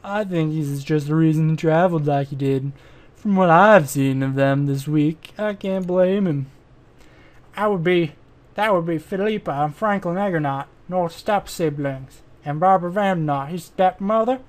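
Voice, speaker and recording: A man's voice: on the high side, moderate pace, a little mellow, lightly acted. A man voicing a boastful, flirtatious male adventurer in a mystery game, with a drawling, self-satisfied manner.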